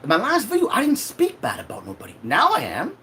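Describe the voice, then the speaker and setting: A man's voice: extremely high pitch, wildly swooping pitch, fast, bright, forceful tone, a little hiss or hum. A man hosting a livestream, talking in an emotional, profane and confrontational way. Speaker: livestream host. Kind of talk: heated livestream rant.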